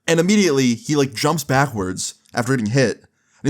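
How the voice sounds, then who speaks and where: A young man casually telling a story, with a relaxed, loose delivery full of fillers and some swearing. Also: medium pitch, normal speed. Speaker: storyteller vlogger.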